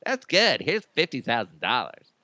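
A man's voice: medium pitch, huge pitch swings, normal speed, pushed and bright, no echo. A man imitating a generous male rap star who hands out money, in a breezy, offhand voice.

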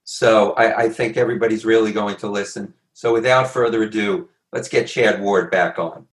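A man hosting an interview, eager and enthusiastic, with halting restarts. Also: fairly low pitch, fairly even intonation, reverberant. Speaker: host.

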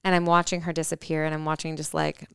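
A woman's voice: low voice, flat delivery, fast, clean tone, no echo, clean studio sound. A woman in her thirties earnestly telling a personal story on a podcast, reflective, with fillers and restarts. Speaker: podcast co-host.

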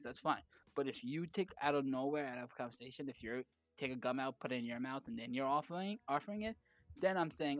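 A man's voice: on the high side, animated, a little fast, no echo. A young man co-hosting a podcast, talking bluntly and emphatically in casual chat. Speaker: podcast co-host. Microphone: studio podcast mic.

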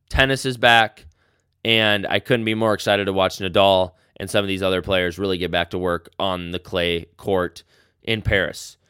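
A man hosts his own sports podcast and rants with real passion. His voice is smooth and clear, and the sound is close and dry. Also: on the low side, pushed and bright, no room sound. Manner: passionate, fired-up rant. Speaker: podcast host. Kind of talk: solo sports podcast rant.

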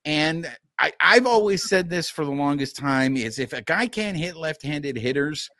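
Man, podcast host, lively pitch swings, slightly high voice, addresses fans. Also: normal speed, no room sound, studio quality. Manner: animated, talks straight to the fans. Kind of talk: live sports podcast talk.

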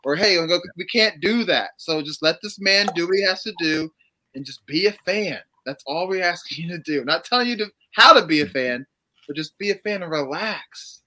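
A man with a high, very bright voice arguing about football on a podcast. He is animated, talks with feeling, and keeps tossing in quick agreements. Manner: animated, lots of agreeing interjections. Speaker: podcast co-host. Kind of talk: casual sports chat.

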